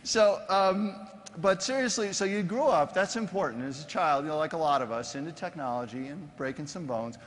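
A man's voice: a little high, lively intonation, fairly quick. A man hosting an on-stage interview, asking jokey leading questions with many fillers. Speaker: host, interviewer. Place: large conference stage before an audience. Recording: long hall reverb with faint background noise.

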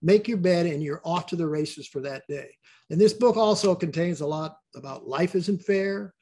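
A man's voice: on the high side, normal speed, slightly rough. Older man telling stories in rambling chat. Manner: rambling, repeats words, warm storyteller. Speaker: guest. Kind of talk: casual interview chat.

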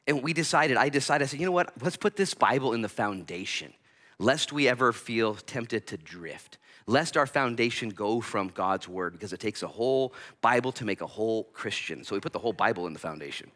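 A male pastor preaching a sermon, animated, acting out little voices and bursting loud at times. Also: fairly low pitch. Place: church sanctuary.

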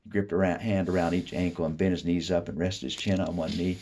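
A man from the Appalachian United States reading a short story aloud, with expressive delivery that drops soft and low for inner thoughts. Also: brisk, hardly any pauses. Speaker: reader.

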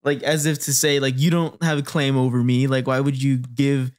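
Brief: male podcast co-host, mid-pitched, animated, laughs a lot, recaps an anime scene by scene. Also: normal speed. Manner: animated, laughing, acting out character lines. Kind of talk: casual chat recapping an anime.

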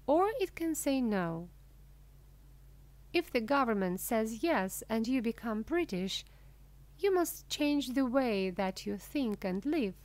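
A woman reading a humorous story aloud as scripted narration, slowly and clearly. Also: fairly high pitch, darkish tone. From Russia. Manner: slow, clear, deliberate reading. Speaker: audiobook reader. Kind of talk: scripted narration of a graded reader.

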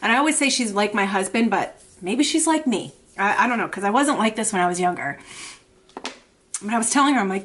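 A woman in her thirties, a mother talking to camera in an emotional personal vlog, anxious and tearful, halting and repeating herself with many fillers. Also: mid-range voice, lively intonation, fairly bright tone. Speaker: vlogger and mother.

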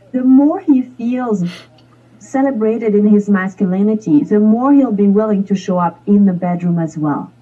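A woman coach speaks frankly and explains her advice step by step. Her voice is warm and husky. The audio sounds dull, like a remote call. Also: medium pitch. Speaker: sex and relationship coach guest. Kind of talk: casual interview.

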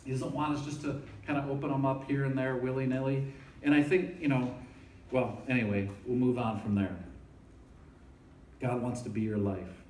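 A man's voice: medium pitch, little pitch movement, moderate pace, a little mellow, slight background noise. A man giving an informal, conversational sermon to students, often checking in with his listeners. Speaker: campus ministry speaker. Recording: echoey room, voice from a distance.

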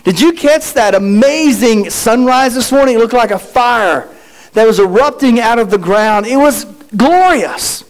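A man's voice: extremely high pitch, expressive, unhurried, rough recording. A middle-aged male pastor preaching a sermon with rhetorical questions and playful asides.

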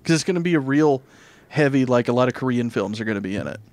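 A man's voice: medium pitch, lively intonation, fast talker, a little mellow, no room sound. Teasing man podcast co-host. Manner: teasing, wry banter. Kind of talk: casual chat banter.

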